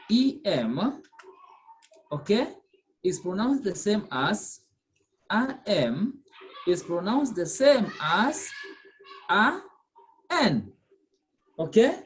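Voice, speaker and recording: A woman's voice: mid-range voice, a little hiss or hum. A woman teaching French pronunciation over a video call, patiently repeating and checking that students follow. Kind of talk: online class teaching.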